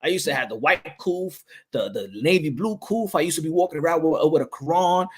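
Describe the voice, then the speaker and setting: A man's voice: fairly high pitch, expressive, brisk, slightly rough. A man from New York with a New York accent, talking in a loose, rambling way, full of restarts and "you know what I'm saying". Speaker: boxing channel host. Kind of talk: casual chat.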